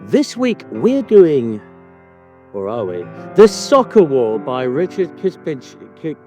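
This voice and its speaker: A man's voice: mid-range voice, very animated, takes it slowly, dark tone, faint music behind. A man hosting a podcast in casual chat, teasing his co-host with mock indignation and free swearing.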